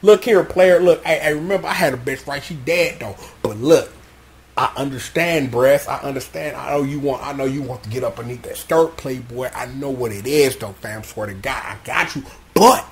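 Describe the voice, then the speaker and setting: A man putting on a smooth-talking pimp, murmuring low and quiet in laid-back street slang. The voice drops well below his usual register and stays hushed throughout. He coaxes and reassures in an easy drawl. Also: moderate pace, close to an everyday voice. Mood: coaxing. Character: smooth-talking adult male pimp giving advice.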